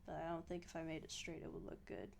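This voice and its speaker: A woman's voice: low voice, level tone, fast talker, creaky, a little mellow, soft background music. A woman from Australia chatting casually to her live stream viewers while she draws, giggling and muttering to herself as she works.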